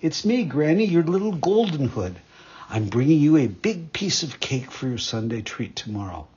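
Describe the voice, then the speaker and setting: A trusting little girl speaks in a lifted, breathy voice, as a man reads her. She sounds innocent and wide-eyed. The recording is muffled and lo-fi. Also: on the high side, very animated, moderate pace, darkish tone, heavily acted.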